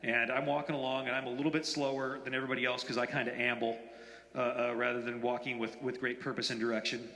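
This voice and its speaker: A man's voice: medium pitch, little pitch movement, sharp tone. Rambling man telling stories in a reverberant hall. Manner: rambling, halting, with many fillers and repeats. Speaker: author at a reading. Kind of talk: live anecdotal storytelling. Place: bookstore event hall.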